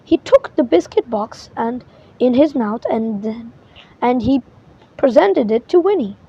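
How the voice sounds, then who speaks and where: A woman reading a children's storybook aloud in an expressive way, with small slips and restarts. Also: on the high side, unhurried, slightly rough. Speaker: storybook reader. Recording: muffled lo-fi recording.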